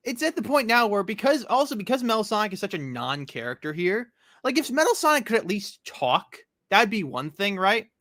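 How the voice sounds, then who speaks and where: A man hosting a casual comic chat, rambling, swearing, and retelling scenes in quick quoted voices. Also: sits high, sing-song, a bit bright, no echo, studio quality. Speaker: podcast host.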